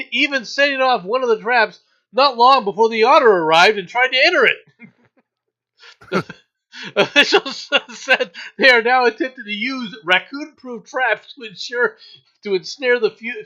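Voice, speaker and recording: A man's voice: sits high, pushed and bright. A man hosting a casual news review podcast, reading stories with joking asides. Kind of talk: casual comic news chat. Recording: dull lo-fi sound.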